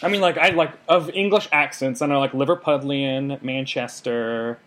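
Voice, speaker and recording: A man's voice: medium pitch, moderate pace, a bit bright. A man co-hosting a podcast in casual chat, reading out listener questions and riffing on them. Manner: chatty, reads out listener questions. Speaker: podcast co-host.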